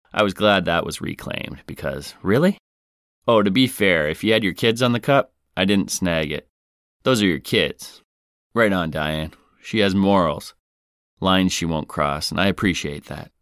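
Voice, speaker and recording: A man with a very low, smooth, resonant voice hosts a podcast and reads listener mail aloud. His delivery is wry and deadpan. The sound is dry and close, with no room around it. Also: measured pace, dry recording. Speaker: podcast host.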